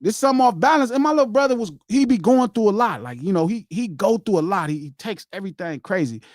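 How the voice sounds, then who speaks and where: Animated high-voiced man telling a story. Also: fast, dry recording, studio quality. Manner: animated, repeats himself, acts out quotes. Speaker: podcast host. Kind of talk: casual storytelling chat.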